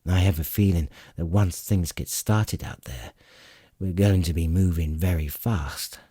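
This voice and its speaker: A man voicing a grim young male half-elf leader with a husky, commanding voice. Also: sits low, a little slow, warm tone, dry recording, studio quality.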